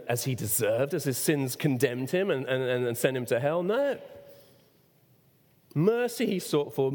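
A man preaching a sermon, who asks the congregation questions and sometimes breaks into a shout. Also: on the high side. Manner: expressive preaching, rhetorical questions, sudden shouts. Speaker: pastor. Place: church. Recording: long reverb of a church hall.

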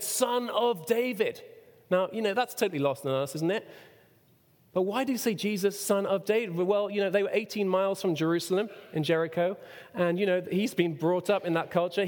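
Preacher with a lively, ringing voice in a hall. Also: male voice, high-pitched. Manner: expressive preaching, rhetorical questions, sudden shouts. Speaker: pastor. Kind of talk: sermon. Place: church. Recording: long reverb of a church hall.

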